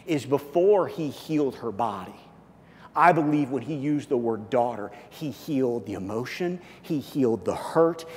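A man preaching a sermon as pastor, swinging from loud high bursts to low hushed lines. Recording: long reverb of a church hall.

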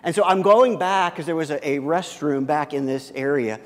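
Male pastor, slightly high pitch, delivers a chatty story-driven sermon in an echoing hall. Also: normal speed. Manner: storytelling with many restarts, shifting from loud to hushed.

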